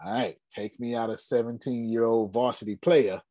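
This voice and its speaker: A man's voice: mid-range voice, steady tone, moderate pace, dark tone, no echo. A man in his forties hosting a casual business talk, telling stories with emphatic repetition and frequent laughs. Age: 40s. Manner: storytelling, laughs often, emphatic. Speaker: host.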